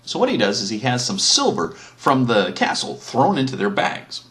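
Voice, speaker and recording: Guy retelling an old story for laughs, swears a lot, really bouncy animated delivery. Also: medium pitch, moderate pace. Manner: casual, crude, conversational. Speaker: comic storyteller. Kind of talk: profane comedic retelling.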